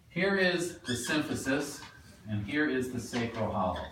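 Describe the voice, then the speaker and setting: A man giving a classroom lecture, animated and quizzing the class as he explains. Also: mid-range voice, unhurried, a little hiss or hum. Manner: animated, asks the class questions. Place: lecture room. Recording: echoey room, mic at a distance.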